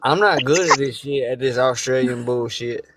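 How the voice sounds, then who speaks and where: A man's voice: medium pitch, background noise. A man swearing and joking casually with friends on a livestream. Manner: profane, joking, quick to tease. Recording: livestream call audio.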